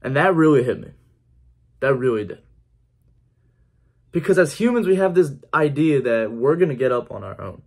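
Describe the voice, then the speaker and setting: A man's voice: medium pitch, expressive, moderate pace, creaky, pauses often, a little mellow. A man giving an earnest personal faith testimony in a conversational vlog style, repeating key phrases for emphasis. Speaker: faith vlogger.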